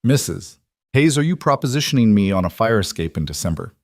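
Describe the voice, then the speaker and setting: A man reading as a gentle young dad. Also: lowish voice, lively intonation, brisk, dry recording, studio quality. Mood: tender. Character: adult male father, gentle and wry.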